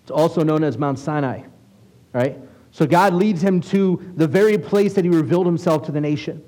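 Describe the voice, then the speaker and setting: A man preaching a sermon as a rabbi, conversational and asking his listeners questions, reading scripture aloud slowly. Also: fairly high pitch, mellow, poor audio. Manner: conversational, asks the congregation questions.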